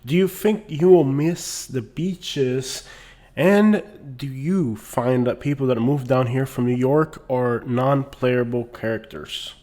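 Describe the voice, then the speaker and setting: A man's voice: mid-range voice, slow pace, a little mellow. A man vlogging in a casual comedic rant who rambles and fills his talk with "like". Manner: rambling, lots of "like", mocking.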